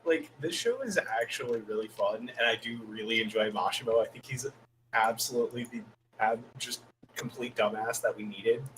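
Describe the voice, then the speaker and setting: A man on an anime podcast who calmly defends his opinion in casual chat. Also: mid-range voice, normal speed, far from the mic, slight background noise, low-quality recording. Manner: laid-back, defending his ranking.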